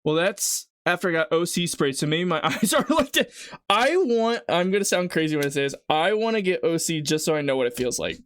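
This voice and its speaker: A medium-pitched, sing-song voice, a little fast and a bit bright, with slight background noise. It's a live streamer cooking at home, rambling chattily and teasing themself while an onion brings tears to their eyes.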